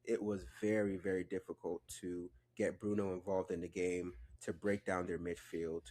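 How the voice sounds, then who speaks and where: A man co-hosting a football podcast, giving relaxed, measured opinions in casual chat. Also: deep voice. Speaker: podcast co-host.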